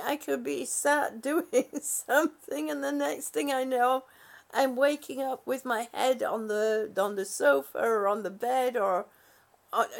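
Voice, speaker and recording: An exhausted woman drifts through a casual live-stream chat, unhurried and drawn out. Her voice sits a little high, and her talk is rambling, drowsy and broken by giggles. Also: vocal fry. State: exhausted, sleepy. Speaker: live-stream host reading viewer comments.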